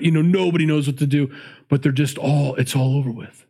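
Animated higher-voiced preacher teaching the Bible. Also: male voice, fast. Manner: animated, laughing, acting out the characters in the story. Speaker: pastor.

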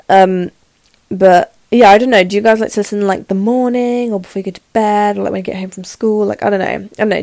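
18 yo girl podcasting, sore throat, rambly and nervous, gravelly, dry close sound. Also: medium pitch, warm tone, no room sound. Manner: rambling, nervous, fast, lots of "like". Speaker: podcast host. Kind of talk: casual solo podcast chat. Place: her room in the evening.

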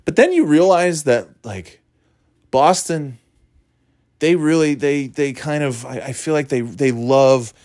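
A man's voice: mid-range voice, clean tone, dry recording, clean studio sound. A man from the US East Coast talking casually to camera, rambling and sardonic, with many restarts and fillers. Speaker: vlogger.

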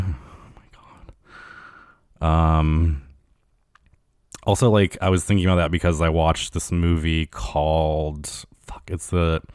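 A man's voice: low voice, no room sound, studio quality. A young man hosting a solo podcast, rambling in casual chat full of fillers and swearing. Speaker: podcast host.

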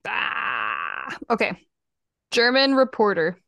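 A woman co-hosting a podcast, chatting casually through a guessing game, animated and quick to laugh and exclaim. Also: mid-range voice, vocal fry, no echo. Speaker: podcast co-host.

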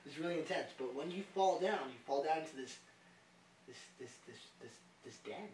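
A man's voice: on the high side, lively intonation, normal speed, a little mellow, a little hiss or hum. A man co-hosting a podcast in casual chat, telling a story with animation and acting out the other voices. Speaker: podcast co-host. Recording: echoey room, mic at a distance.

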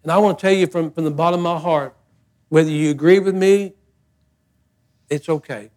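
Older male pastor, high-pitched voice, folksy and emphatic sermon delivery. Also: normal speed, darkish tone. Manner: folksy, emphatic preaching with repeated phrases.

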